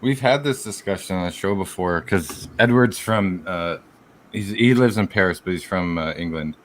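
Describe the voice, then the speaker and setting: A low-voiced man co-hosts a relaxed online chat, steering the conversation to the next topic. A faint background hiss runs under him. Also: moderate pace. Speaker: co-host. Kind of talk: casual chat.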